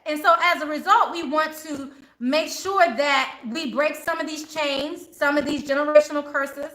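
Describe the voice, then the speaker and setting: A woman's voice: high-pitched, pushed and bright, roomy sound, poor audio. A woman hosting a live spiritual chat, talking casually and passionately in a preachy way, often laughing. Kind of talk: casual live-stream talk.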